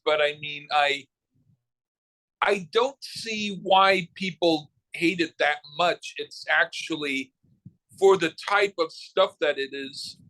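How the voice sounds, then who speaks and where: A man's voice: sits high, pushed and bright, poor audio. A man co-hosting a podcast in casual chat, teasing and stumbling over restarts. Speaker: podcast co-host.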